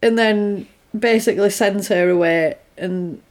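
A woman's voice: mid-range voice, measured pace, darkish tone. A woman in casual chat, recapping a film with laughs and acting out the characters' lines.

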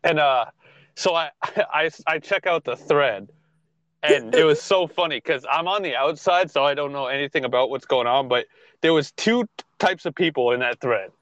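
A man's voice: fairly high pitch, normal speed, a bit bright, no room sound, dull audio. A man co-hosting a podcast in casual chat, who laughs a lot and swears freely. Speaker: podcast co-host.

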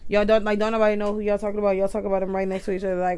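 A woman in her thirties chatting casually, loud and teasing, talking over her friends. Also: medium pitch, level tone, rapid-fire, clean tone. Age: 30s. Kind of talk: casual chat.

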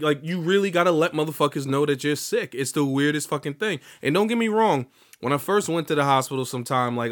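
Young man, solo podcast host, cursing, animated, getting over a cold, smooth clear voice. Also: on the high side. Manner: profane, animated, breaks into sung bits. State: recovering from illness, voice slightly off. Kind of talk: casual solo podcast monologue.

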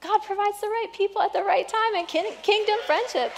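A woman pastor preaching a sermon in a church, earnest and exhorting, often dropping to a soft hush. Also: very high-pitched, a little fast, background noise. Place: church sanctuary.

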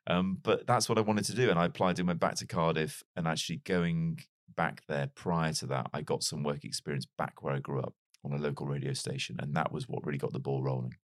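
A man with a very deep voice and a light Liverpool accent tells stories in a relaxed interview. He talks in a chatty, self-deprecating way with quick asides. The recording is dry and close, with no room sound. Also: no room sound. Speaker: broadcaster and interview guest. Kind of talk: casual conversational storytelling.

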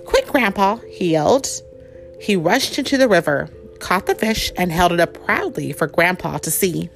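A woman reading a picture book aloud to a child at home, telling the story expressively and pausing to ask him questions. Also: on the low side, lively intonation, gravelly, soft background music.

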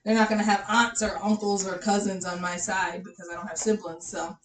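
A woman's voice: mid-range voice, level tone, fairly quick, echoey room, distant mic, crowd noise. A pregnant woman in her thirties, a podcast guest, talking bluntly with crude, frank humor. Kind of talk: casual chat.

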